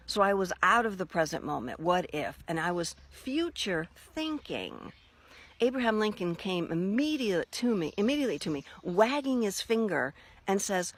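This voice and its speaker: Expressive woman telling a personal story. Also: on the low side, moderate pace. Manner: expressive storyteller who acts out quoted dialogue. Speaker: spirit messenger and podcaster.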